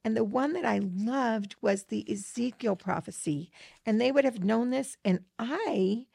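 Co-hosting a scripture study podcast, a middle-aged woman talks earnestly and reads verses aloud, enthusiastic and full of fillers. Her slightly high voice is unhurried, gravelly, mellow and husky, recorded studio-clean with no room sound.

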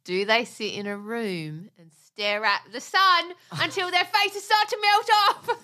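A woman's voice: a little high, measured pace, sharp tone. A woman co-hosting a podcast in casual chat, teasing and playful. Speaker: podcast co-host.

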